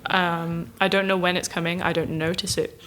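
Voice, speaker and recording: A woman's voice: fairly low pitch, level tone, normal speed, a bit bright, a little hiss or hum. Easygoing woman guest. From Yorkshire, England. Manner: easygoing, chatty, laughs readily. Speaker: guest musician. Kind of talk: casual podcast chat.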